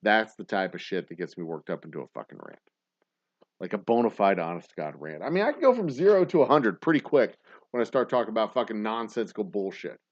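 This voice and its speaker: A man's voice: fairly low pitch, fast. Profane man ranting on a lo-fi stream. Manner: profane, animated ranting, swings from mumbled asides to loud outbursts. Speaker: podcast host. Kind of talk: casual ranting monologue.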